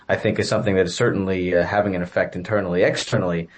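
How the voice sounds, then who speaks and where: A man with a fairly low voice answers interview questions as an educator. He lays out his points in order and pauses often with uh and um. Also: flat delivery. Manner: measured, many fillers. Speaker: guest commentator, educator.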